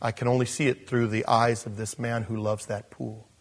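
A man preaching a sermon in an animated, self-deprecating way, chuckling and acting out voices when he quotes people. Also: mid-range voice, moderate pace. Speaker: pastor.

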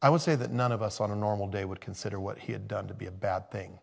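A man's voice: lowish voice, fairly even intonation, quick pace, creaky. A man preaching a sermon in a conversational way, thinking aloud and interrupting himself. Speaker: pastor.

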